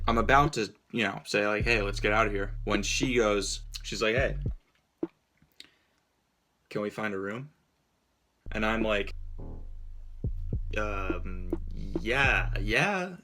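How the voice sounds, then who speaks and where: A young man from Cape Cod telling a casual story-time tale, animated and full of "like", acting out what people said. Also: on the low side, slight background noise. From Cape Cod, Massachusetts. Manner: animated, quotes people in his story, heavy use of "like". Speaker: storyteller vlogger.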